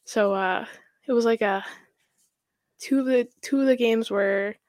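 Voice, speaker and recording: A woman's voice: on the high side, measured pace, a little mellow, no echo, clean studio sound. A young woman in her twenties, a hockey goaltender guest, chatting casually with many fillers and laughs. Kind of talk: casual podcast chat.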